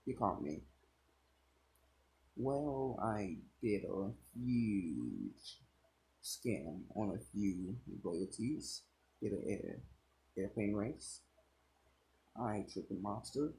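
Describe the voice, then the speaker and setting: A man voicing an older male detective, a smooth-talking trickster, in a read-aloud fan story. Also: fairly low pitch, very animated, very slow, pauses often, mellow, slight background noise, heavily acted, low-quality recording. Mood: calm. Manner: cheerful fake foreign accent at first, then plain and sighing.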